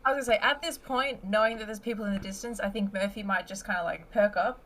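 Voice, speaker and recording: A woman playing a tabletop game, chatting in a lively, playful way. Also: medium pitch, quick pace. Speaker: player. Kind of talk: casual tabletop game chat.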